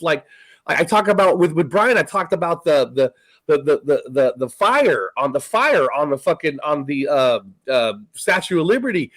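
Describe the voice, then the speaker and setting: A man from California's Central Valley hosts a casual livestream chat. He rambles, swears freely and often restarts his sentences. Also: high-pitched. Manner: rambling, profane, many restarts. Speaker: show host.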